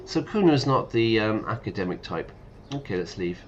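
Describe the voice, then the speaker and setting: A man's voice: lowish voice, lively intonation, normal speed, highs cut off, background noise. A man, an English teacher streaming a game, chatting casually, explaining slang words and laughing often. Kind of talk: casual explanation while playing.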